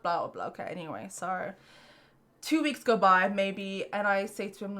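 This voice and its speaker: A woman's voice: medium pitch, brisk, a bit bright. A young woman co-hosting a podcast, telling frank stories in casual chat with plenty of swearing and laughter. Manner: blunt, profane, laughing storyteller. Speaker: podcast co-host.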